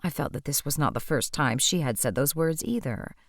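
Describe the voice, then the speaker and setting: A woman narrating an audiobook in a wry, measured manner. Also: low-pitched, lively intonation, no echo, studio quality.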